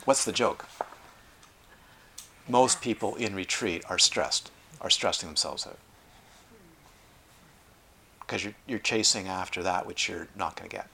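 A middle-aged man teaching meditation at a retreat, talking in an animated way with playful asides. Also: low-pitched, moderate pace, gravelly, breathy edge. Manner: animated, acts out quoted voices, lively asides. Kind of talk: dharma talk at a retreat.

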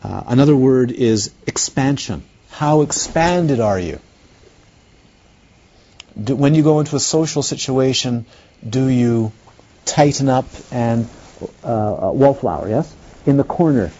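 A male meditation teacher giving a dharma talk at a slow, easy pace. His voice is mellow and a little husky, and it rises and falls a lot. The recording is dull and lo-fi. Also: mid-range voice, animated. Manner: unhurried, playful, asks the listeners questions.

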